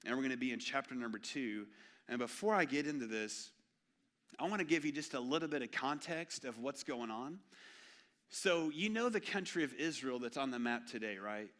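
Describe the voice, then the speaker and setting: A man, preaching an animated, joking sermon in a church. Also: medium pitch, normal speed. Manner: storytelling, animated and jokey. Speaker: pastor. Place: church sanctuary.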